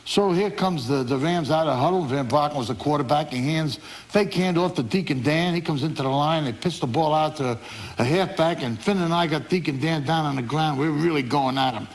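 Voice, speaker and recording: A former football player telling animated anecdotes in an interview, acting out other people's voices. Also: male voice, fairly quick. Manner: animated storyteller, acts out voices of others in high squeals.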